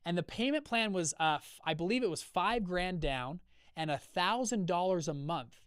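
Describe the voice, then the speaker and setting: Male host of a live business call, fairly high-pitched with a dry sound, telling a story with animated, acted-out dialogue. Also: normal speed, clean tone, no echo. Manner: energetic, acts out quoted dialogue with shifting voices; conversational, many fillers and check-ins. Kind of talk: storytelling talk to an audience.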